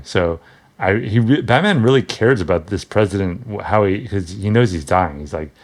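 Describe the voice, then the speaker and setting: Deep-voiced man rambling about comics. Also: normal speed. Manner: rambling, wry, many restarts and asides. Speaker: comic book reviewer. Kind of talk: casual comic commentary.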